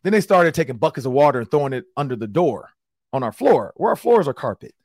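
A man hosting a sports talk show, telling a story in casual podcast style, animated and slangy. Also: a little high, fast, vocal fry, no room sound, clean studio sound. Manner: animated, acts out quotes in slangy banter.

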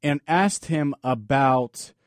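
A man's voice: mid-range voice, takes it slowly, no room sound, studio quality. A man hosting a sports talk podcast, delivering an emphatic, opinionated monologue full of rhetorical questions. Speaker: podcast host.

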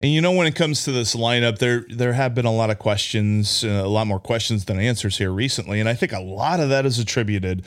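A man's voice: medium pitch, fairly quick, hardly any pauses. A man co-hosting a sports podcast, chatting casually and jokingly, often trailing off and restarting.

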